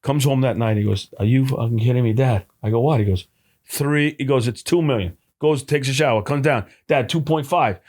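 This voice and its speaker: A middle-aged man, talking quickly and telling a story. He acts out what other people said and swears without a second thought, in a voice of ordinary pitch. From New Jersey. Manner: animated storyteller, acts out dialogue, swears casually. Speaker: deli owner, guest. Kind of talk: casual storytelling chat.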